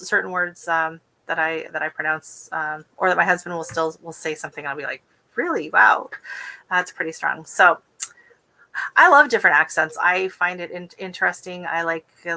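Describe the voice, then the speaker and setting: Woman host, worn out, chatty and rambling; lowish, bright tone. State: tired. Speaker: gardening channel host. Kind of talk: casual live-stream chat.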